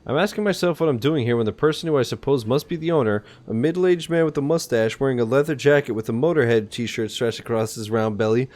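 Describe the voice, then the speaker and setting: A man's voice: medium pitch, fast talker, few pauses, a little mellow. A male streamer reading a visual novel aloud steadily, with occasional hesitations.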